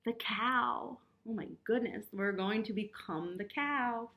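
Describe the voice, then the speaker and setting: A woman telling a picture-book story to children and leading animal yoga poses, playful and animated, making animal sounds along the way. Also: a little high, takes it slowly, roomy sound, far from the mic, poor audio. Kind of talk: reading a picture book aloud with kids' yoga.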